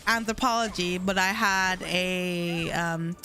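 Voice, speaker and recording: A woman's voice: on the low side, slow, bright, forceful tone, soft background music. A young American woman streaming live, chatting casually with viewers, laughing often and trailing off mid-sentence. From United States.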